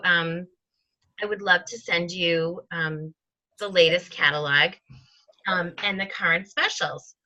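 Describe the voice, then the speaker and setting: A woman's voice: lowish voice, slow, sharp tone. A woman giving a casual training talk to her sales team, chatty with many ums, acting out sample conversations. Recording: dull lo-fi recording.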